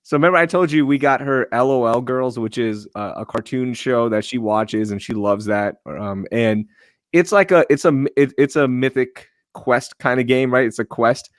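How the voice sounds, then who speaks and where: A man's voice: medium pitch, normal speed, no echo, clean studio sound. Upbeat man hosting a podcast. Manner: upbeat, playful, laughs often. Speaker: podcast host. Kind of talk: casual chat.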